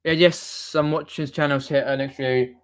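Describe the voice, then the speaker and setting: A man's voice: a little high, steady tone, brisk, clear, resonant tone. A young man from near London with a Mockney accent, chatting casually on a live stream, reading viewer comments and rambling with many restarts. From southern England, near London. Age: young adult.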